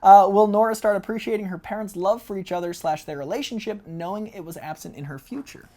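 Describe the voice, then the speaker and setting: A woman's voice: mid-range voice, fast talker, warm tone. A woman hosting a casual interview, chatty and upbeat as she reads out fan questions. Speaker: interview host.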